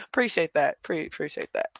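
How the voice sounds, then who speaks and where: A man's voice: a little high, animated, normal speed, gravelly, sharp tone, no room sound. A man hosting a livestream, chatting casually with viewers and laughing often. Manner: chatty, laughing, responding to chat. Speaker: livestream host.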